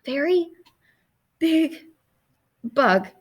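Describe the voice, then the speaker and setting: A woman voicing a nervous young boy who speaks in a hushed, hesitant way while trying to stay calm. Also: high-pitched, drawn-out words, exaggerated voice.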